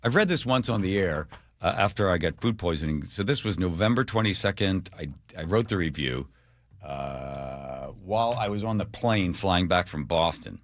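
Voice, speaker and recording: A man's voice: normal speed, no echo. A middle-aged man hosting a radio show, telling stories in casual on-air chat and acting out the people he quotes. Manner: animated, acts out quoted people with jumps in pitch. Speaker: radio host. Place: radio studio. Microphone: studio microphone.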